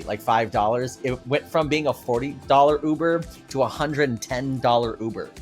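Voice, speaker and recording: A man co-hosting a casual chat, telling stories in an animated, exaggerating way. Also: medium pitch, normal speed, few pauses, faint music behind. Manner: animated storyteller, exaggerates for effect. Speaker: co-host.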